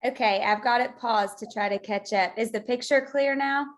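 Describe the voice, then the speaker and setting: A woman's voice: a little high, normal speed. A woman host in casual chat, hurriedly sorting out a playback problem. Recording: faint music behind.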